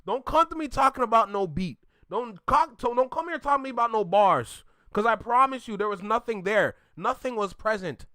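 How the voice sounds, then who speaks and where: A man's voice: sits high, expressive, brisk, few pauses, bright, forceful tone, smooth, no echo, studio quality. A man from Canada hosting a reaction video, ranting bluntly in casual commentary and laughing often.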